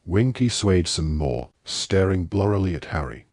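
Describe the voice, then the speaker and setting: Low husky man, steady audiobook narration, dry close sound. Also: a little slow, hardly any pauses, no echo. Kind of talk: scripted narration.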